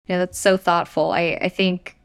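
A woman's voice: lowish voice, level tone, moderate pace, clean tone. A woman hosting a podcast in casual chat, reflective and encouraging. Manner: reflective, encouraging, light laughs. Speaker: podcast host.

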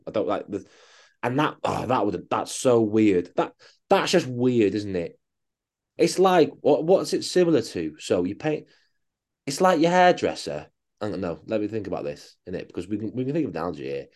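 A man talks in a fairly low voice on a casual coaching podcast. He rants bluntly and swears freely. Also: a little mellow. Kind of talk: casual chat.

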